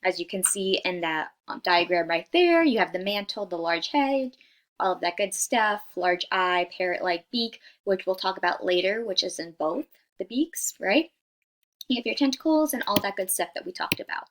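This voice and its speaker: The speaker is a young woman presenting a class slideshow as a student, with a medium-pitched, expressive voice at a normal speed. Casual and chatty, she fills her talk with fillers and "right?", apologizing when she stumbles on difficult scientific vocabulary.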